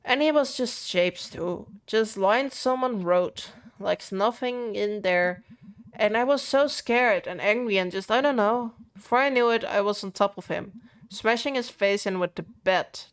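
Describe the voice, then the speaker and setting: A woman reading the lines of an anxious young woman who dropped out of college, speaking in a halting, fearful way. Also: mid-range voice, natural voice. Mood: haunted.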